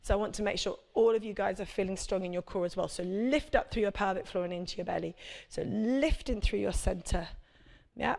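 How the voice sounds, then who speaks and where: A woman's voice: mid-range voice, a little fast, creaky, a little mellow. A woman, a prenatal fitness instructor, coaching a live workout class with chatty, encouraging cues and check-ins.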